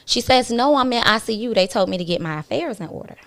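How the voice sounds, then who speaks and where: A woman with a slightly high voice tells a story on talk radio in a blunt, candid way. She swears casually now and then. She slips into the voices of the people she quotes, which keeps the retelling lively. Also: fast talker. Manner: animated, acts out other people's lines in her retelling. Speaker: radio show guest.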